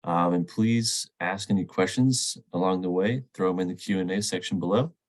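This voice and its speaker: Low-voiced man with a nasal cold. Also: normal speed, low-quality recording. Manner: casual, many ums and uhs. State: stuffy nose from a cold. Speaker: sales rep hosting a webinar. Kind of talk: webinar presentation.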